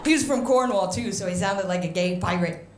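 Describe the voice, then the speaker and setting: An American woman performing an animated stand-up comedy set on a stage microphone, switching into quick mimicry. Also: medium pitch. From United States. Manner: brash, animated storytelling with mimicry. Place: comedy stage with live audience. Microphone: handheld stage microphone. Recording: echoey venue, audience noise.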